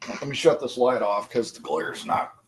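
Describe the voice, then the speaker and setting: There's slight background noise as a forties-aged streamer talks at normal speed in a medium-pitched voice. Rambling and constantly cursing, he keeps his chat with viewers casual and speaks to them directly.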